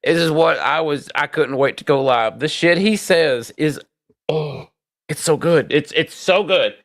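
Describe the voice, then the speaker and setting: A man hosting a live-stream podcast, loud and exasperated, swearing and swinging between shouts and low mutters. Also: unhurried. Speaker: livestream podcast host.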